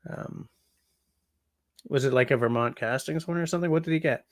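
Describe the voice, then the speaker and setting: A man's voice: mid-range voice, brisk, no echo. A tired Canadian man in his forties hosting a casual livestream, rambling through chat messages with lots of ums. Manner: rambling, chatty, yawning, frequent ums. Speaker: livestream host reading chat.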